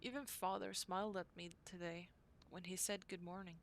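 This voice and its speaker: A woman reading aloud the diary entries of a young woman devoted to her brother, in an earnest, unhurried way. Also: lowish voice, steady tone, a little hiss or hum, close to an everyday voice. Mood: joyful.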